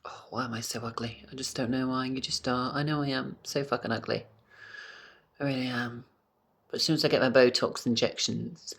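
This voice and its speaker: A camp British man chats into his phone camera from home in a loose, unscripted vlog. He is animated and talkative, and drops swear words freely. His pitch sits in the middle of the male range. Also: moderate pace, vocal fry. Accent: British English. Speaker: vlogger. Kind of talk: casual vlog chat to camera.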